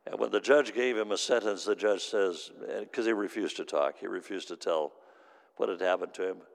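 A man's voice: low voice, moderate pace, vocal fry. A man ministering to a gathering, telling a story in an earnest sermon with repeated, emphatic phrases. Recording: long hall reverb.

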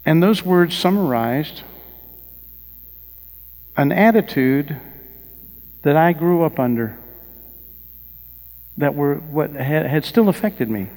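A man's voice: on the high side, lively intonation, takes it slowly, long pauses, darkish tone. A male pastor preaching a sermon, telling personal stories with rising emphasis and asking the congregation questions. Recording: long reverb of a large hall.

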